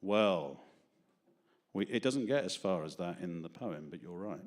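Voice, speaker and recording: A man's voice: low-pitched, animated, unhurried. A man reading a poem to a small live audience in an arts-centre studio, then chatting with them in self-deprecating, jokey asides. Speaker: open mic performer.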